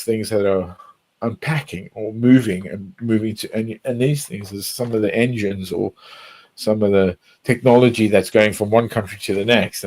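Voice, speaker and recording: Low-pitched man, loose rambling chat, frequent restarts and swearing. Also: rough recording. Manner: rambling, repeats words, swears often. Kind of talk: casual chat.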